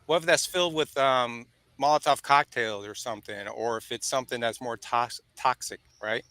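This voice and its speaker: A man's voice: mid-range voice, moderate pace, sharp tone, smooth, no echo, poor audio. A man co-hosting a podcast, talking bluntly and heatedly, often breaking off to apologize. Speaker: podcast co-host. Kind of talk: casual podcast chat.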